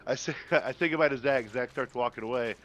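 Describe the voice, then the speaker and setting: A man with an everyday mid-range voice tells a rambling personal story on a live stream. He talks in a relaxed, casual way. He laughs as he goes and acts out other people's lines. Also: mid-range voice, fairly quick, highs cut off. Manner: laid-back storyteller, laughs and acts out quotes. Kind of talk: casual chat, telling a story.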